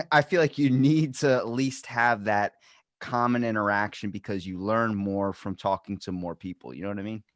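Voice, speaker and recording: Animated man hosting a podcast. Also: fairly low pitch, normal speed, no echo, studio quality. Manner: animated storyteller, acts out exchanges loudly. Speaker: podcast host. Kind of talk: casual chat.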